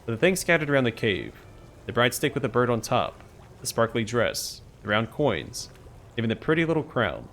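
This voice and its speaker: A man's voice: medium pitch, very animated, normal speed, fairly bright tone, a little hiss or hum. Whiny petulant demon queen, as a man puts her on. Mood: petulant whining. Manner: whining, smug, self-pitying.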